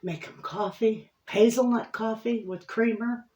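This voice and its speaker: A woman's voice: on the high side, steady tone, measured pace, dark tone, roomy sound. A woman hosting a homestead baking vlog, chatting casually and talking straight to her viewers from her kitchen. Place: home kitchen.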